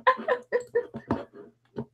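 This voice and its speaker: A woman's voice: drawn-out words, sharp tone, lo-fi sound. A young woman chatting casually to her livestream while she edits, talking to herself and laughing often. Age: young adult. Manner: chatty, giggly self-talk with frequent laughs. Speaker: livestreamer editing a dramatic reading. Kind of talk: casual chat while editing.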